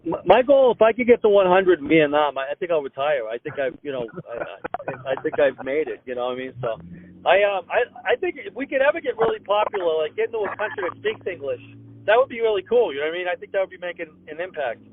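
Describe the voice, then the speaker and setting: Older comic, high and animated, stammering rant, heard over a thin phone line. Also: male voice, noisy background. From Boston area. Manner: fast ranting with stammered restarts. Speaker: comedian guest. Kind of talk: ranting comedic phone chat. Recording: tinny dry phone line.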